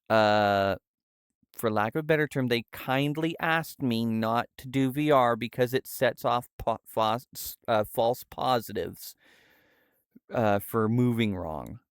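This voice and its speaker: A young man streaming live, speaking in a halting, soft-spoken way with many fillers. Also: mid-range voice, clean tone, no room sound, studio quality. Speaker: livestreamer. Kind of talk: casual livestream chat. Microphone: VR headset setup.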